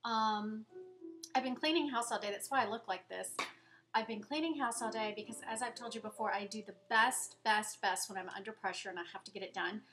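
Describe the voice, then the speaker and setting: A woman chats to her camera at home in a rambling, self-deprecating way. Her voice sits a little high and comes across bright and sharp. Soft music plays faintly behind her. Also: a little fast. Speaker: vlogger. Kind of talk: casual chat to camera.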